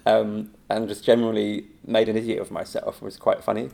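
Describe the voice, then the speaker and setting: A man's voice: on the low side, normal speed, gravelly. A man, an improv teacher chatting casually as a guest, telling stories with lots of laughter and acted-out quotes. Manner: animated storytelling, laughing often, acting out quotes. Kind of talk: casual anecdotal chat.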